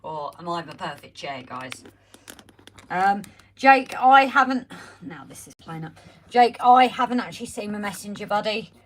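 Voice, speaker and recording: A woman hosting a casual home live stream, chatty and greeting viewers by name, her voice slightly croaky as she recovers from being ill, talking into a phone on a holder. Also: mid-range voice, animated, normal speed, slight background noise. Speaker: livestream host.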